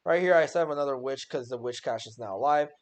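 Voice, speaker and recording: A man's voice: medium pitch, quick pace. A young man giving a casual voice-over on his own game run, joking and exasperated at his own plays. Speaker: gaming YouTuber.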